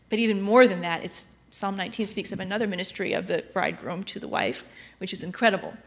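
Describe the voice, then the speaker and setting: A woman preaching a sermon in an animated way, acting out quoted voices and laughing as she goes. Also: medium pitch, moderate pace.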